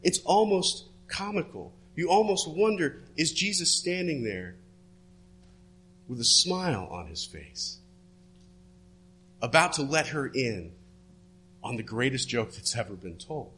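Guy preaching, bright forceful voice, goes quiet and hushed when he quotes people, faint hum in back. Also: a little high, big pitch swings, a little slow, long pauses. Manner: storytelling, drops to hushed tones for quoted words. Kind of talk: sermon.

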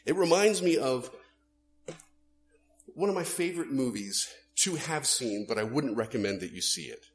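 Man, pastor, sermon, animated delivery, wide pitch swings, loud emphasis and hushed asides, faint background hum. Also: moderate pace.

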